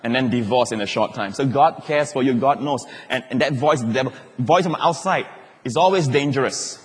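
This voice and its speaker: A man preaching a sermon as a pastor, telling stories in an animated way and acting out the voices he quotes. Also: mid-range voice, moderate pace. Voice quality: animated, acts out quoted voices, laughs as he talks. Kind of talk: sermon with personal storytelling. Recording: long reverb of a large hall.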